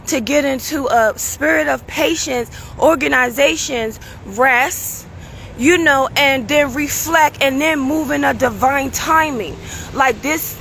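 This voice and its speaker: A woman's voice: sits high, vocal fry, fairly bright tone, slight background noise. A woman hosting her own show, giving a casual, preachy motivational talk with a strained, tired voice and frequent "you understand?" asides. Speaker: show host.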